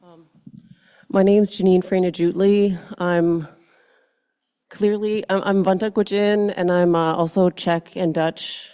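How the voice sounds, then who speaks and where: A woman speaking softly and hesitantly to a public meeting as she introduces her family. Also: on the low side, fairly even intonation, slow pace, clear, resonant tone, big-room sound. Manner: soft-spoken, hesitant. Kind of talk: short remarks at a public meeting. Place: meeting room.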